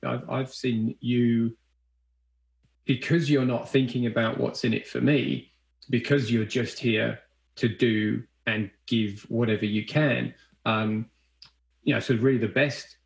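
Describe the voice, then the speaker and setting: A man hosts the interview with a gravelly, creaky voice. He rambles through his thoughts, packing in filler phrases before handing over to his guest. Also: mid-range voice, fairly even intonation, measured pace, rough recording. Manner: rambling, many fillers like "you know". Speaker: podcast host. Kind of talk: conversational interview.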